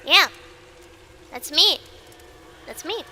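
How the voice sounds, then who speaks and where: A woman's voice: extremely high pitch, animated, extremely slow, sharp tone. A woman VTuber in casual livestream chat who rambles, repeats herself, swears freely and mocks herself bluntly. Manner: blunt and self-mocking. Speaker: VTuber streamer.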